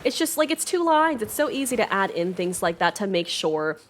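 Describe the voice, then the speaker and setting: A nonbinary streamer talks in a loose, rambling way, stacking up fillers as the thoughts come. The voice sits at a middling pitch but swings up and down with a lively, animated lilt. It sounds like an earnest, casual chat from a home streaming setup. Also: brisk, a little hiss or hum. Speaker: livestreamer. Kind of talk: casual chat while playing a game.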